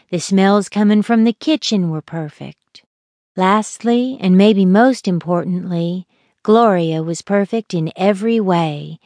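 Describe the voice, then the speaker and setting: A woman reading a novel aloud as an audiobook narrator, gentle and unhurried. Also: mid-range voice, no room sound. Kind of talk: scripted narration.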